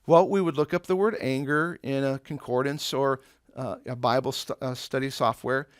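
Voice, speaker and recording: A man's voice: medium pitch, steady tone, normal speed, clean tone, no echo, studio quality. A man teaching an eighth-grade Bible lesson in a conversational way, explaining with everyday examples and asking rhetorical questions.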